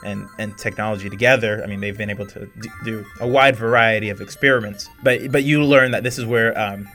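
A man's voice: on the low side, fairly even intonation, fairly bright tone, faint music behind. A man narrating as game master, hesitant, with many ums and restarts. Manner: halting, full of fillers and restarts.

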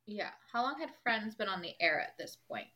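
A woman's voice: medium pitch, lively intonation, fairly quick, sharp tone. A woman guest on a podcast, chatting easily and laughing often. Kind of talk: casual chat.

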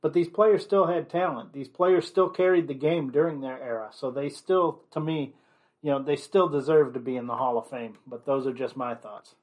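A man's voice: mid-range voice, moderate pace, darkish tone. A man giving an opinionated commentary monologue, blunt and rambling, leaning on constant "you know" fillers.

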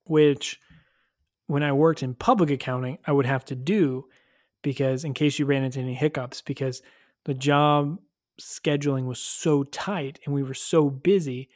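A man hosting a casual review podcast, animated and chatty, with lots of fillers and frequent laughs. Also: medium pitch, normal speed, no room sound, clean studio sound. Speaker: podcast host reviewing episodes.

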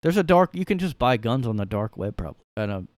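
A man's voice: medium pitch, sing-song, fast, no room sound. A man hosting a casual solo podcast from his room, ranting sarcastically and rambling through his opinions. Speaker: podcast host.

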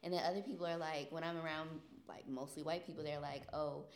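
Lower-voiced young woman, echoey room. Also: fast talker. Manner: relaxed, asks questions. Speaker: discussion lead. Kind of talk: casual panel discussion. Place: garage.

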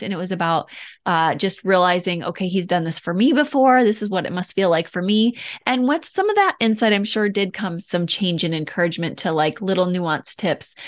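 A woman hosting a podcast interview, affirming her guest and chiming in often with encouraging remarks. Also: medium pitch. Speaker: podcast host. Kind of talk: casual interview.

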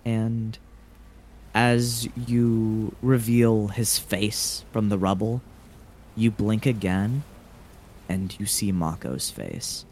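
Male game master, low voice, unhurried dramatic narration. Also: a little mellow. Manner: measured, dramatic scene-setting.

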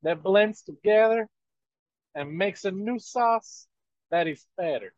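A man's voice: high voice, takes it slowly, darkish tone, no echo, muffled recording. A man co-hosting a podcast, chatting casually and playfully. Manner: playful, slips into joke accents. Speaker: podcast co-host. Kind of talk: casual chat.

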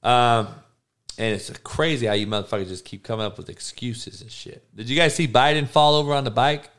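A man's voice: medium pitch, fairly even intonation, brisk, fairly bright tone. A man in a crude, heated casual rant, swearing constantly.

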